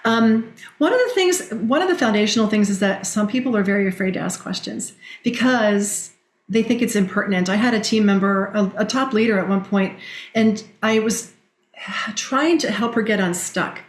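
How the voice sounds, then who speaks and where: Middle-aged woman guest, lively storyteller, quotes others, roomy echo. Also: medium pitch, moderate pace. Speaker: guest, direct selling leader. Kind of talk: conversational podcast interview.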